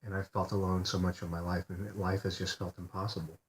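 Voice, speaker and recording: A depressed man in a personal video diary, talking quietly and haltingly from his bed, repeating himself and swearing often. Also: deep voice, level tone, slight background noise. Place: lying in bed.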